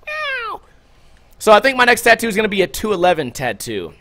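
A man hosting a podcast, telling a story in a loose, profane, animated way and loudly acting out what people said. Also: sits high, racing. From Las Vegas. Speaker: podcast host. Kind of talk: casual storytelling monologue.

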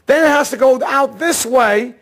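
A man teaching an automotive diagnostics seminar, telling a case story in a casual, excitable way and acting out the dialogue. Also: very high-pitched, normal speed. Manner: casual slangy talk, repeats words. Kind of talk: seminar lecture.

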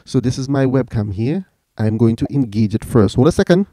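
Guy demoing his home music setup, mellow voice, keeps saying all right. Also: mid-range voice, lively intonation, a little fast, no room sound, studio quality. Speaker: tech reviewer. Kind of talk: casual step-by-step demo.

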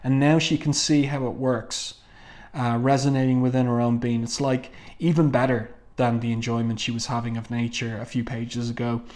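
A man's voice: mid-range voice, level tone, normal speed, darkish tone. A man casually reviewing a comic book and reading panels aloud, musing with frequent ums and restarts.

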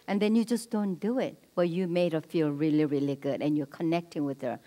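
A woman leading a marriage seminar at a church, speaking directly and prompting the audience with quick cues. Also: deep voice, warm tone. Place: church hall. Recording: long hall reverb.

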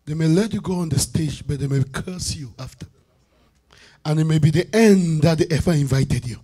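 A man preaching a sermon as bishop, calling out to the congregation for answers and swinging between loud declarations and hushed asides. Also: fairly high pitch, normal speed. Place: church sanctuary.

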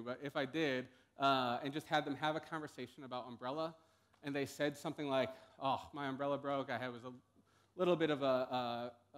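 A young man speaks from a conference stage in a relaxed, halting way. He fills his pauses with ums and uhs and restarts his sentences as he goes. His voice sits at an ordinary middle pitch. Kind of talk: conference talk.

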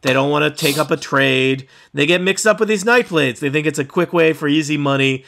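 World-weary small-town sheriff lady, gruff, drawling, bright tone, put on by a man. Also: on the high side, fairly quick, slight background noise.

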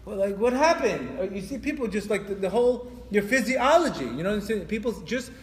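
High-voiced man lecturing in echoey hall. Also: fast, slight background noise. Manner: animated, stammering restarts, acts out quoted voices. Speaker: religious teacher. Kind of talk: spiritual lecture to an audience. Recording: echoey hall with long reverb.

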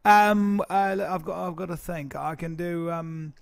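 An animated man hosts a casual comedy chat, his voice sitting a little high for a man. He tells stories with plenty of laughter and keeps sliding into jokey put-on accents. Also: unhurried, gravelly, clear, resonant tone. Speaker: podcast host.

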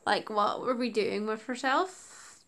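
A woman's voice: on the high side, slow, a bit bright. A woman YouTuber chatting casually about her old videos, rambling with lots of "like" and giggles. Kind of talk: casual reaction commentary.

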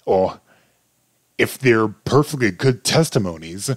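A smug, arrogant male prosecutor, voiced by a man reading a game aloud talks down to the defense. His delivery is smooth and condescending, pitched low, over faint music. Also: animated, slow, no room sound. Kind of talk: let's play voice acting.

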